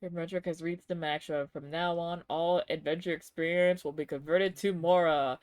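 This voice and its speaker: A woman's voice: on the low side, fairly even intonation, normal speed, few pauses, darkish tone, no echo. A young woman streaming a game live, reacting with emotional exclamations and reading game text aloud. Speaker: VTuber streamer.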